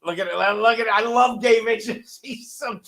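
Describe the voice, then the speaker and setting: Excitable high-voiced male podcast host. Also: normal speed. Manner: excitable, swears freely. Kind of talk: casual podcast chat.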